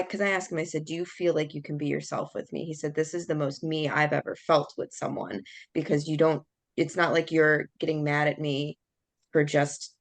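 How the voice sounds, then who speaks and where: With a low, gravelly voice and no room sound, a young woman podcast host tells a candid personal story in relaxed chat. She performs the quoted lines as she goes.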